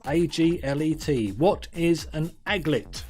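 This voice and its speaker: A man's voice: fairly high pitch, a little slow, a little mellow, husky, faint music behind. A man hosting a live-streamed quiz in a chatty, jokey way, reading out viewers' answers by name. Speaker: quiz host.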